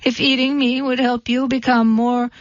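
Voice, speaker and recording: A woman's voice: little pitch movement, normal speed, no room sound, lightly acted. A woman doing a timid, stammering little goat. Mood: nervous. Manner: stammering, high and nervous. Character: smallest young billy goat, timid and polite. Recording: dull, dry recording.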